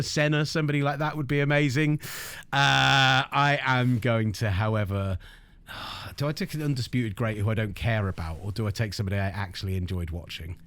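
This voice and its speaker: A man hosting a sports show, bantering with excitable, theatrical outrage. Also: mid-range voice, no room sound.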